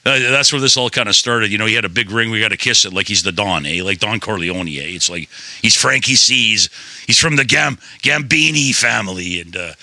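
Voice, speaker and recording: A man's voice: fairly low pitch, lively intonation, fairly quick, bright, forceful tone, no room sound. A man hosting a podcast in rambling, playful, swearing casual chat. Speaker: podcast host.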